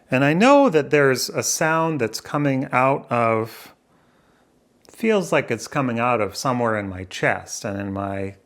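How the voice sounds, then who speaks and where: A man's voice: medium pitch, a bit bright. A man vlogging indoors to a camera, rambling and questioning himself as he thinks aloud. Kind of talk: musing casual monologue. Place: indoors by a window. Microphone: camera facing him.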